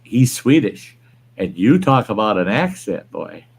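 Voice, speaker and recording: A man's voice: on the low side, very animated, unhurried, gravelly, breathy edge. A man hosting a livestream, chatting casually, rambling and reading viewer comments aloud. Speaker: livestream host. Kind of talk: casual chat.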